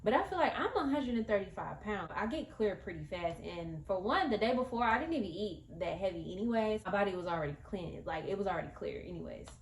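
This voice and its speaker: A woman's voice: mid-range voice, lively intonation, fast, hardly any pauses, slight background noise. Woman rambling through a storytime vlog, talks right to the camera, roomy echoey sound. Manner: chatty and rambling, speaks straight to viewers, many fillers. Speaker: vlogger.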